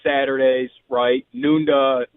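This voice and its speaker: A man calling in to a sports radio show from a cell phone, sounding frustrated and apologetic, with halting restarts. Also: medium pitch, flat delivery, clear, resonant tone, dry recording. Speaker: caller. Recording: tinny cell phone line.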